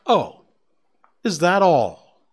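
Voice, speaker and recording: A man's voice: medium pitch, very animated, takes it slowly, vocal fry, exaggerated voice. A man doing a sneering, limping old stag. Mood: contemptuous. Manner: mocking, condescending. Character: older male stag, limping, sneering and contemptuous. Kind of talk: audiobook character reading.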